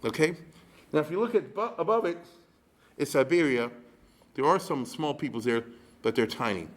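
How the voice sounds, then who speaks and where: A man's voice: on the high side, expressive, moderate pace. A man, a rabbi, giving a conversational history lecture, often checking in with his listeners and dropping wry humorous asides. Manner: chatty, keeps checking in with the audience.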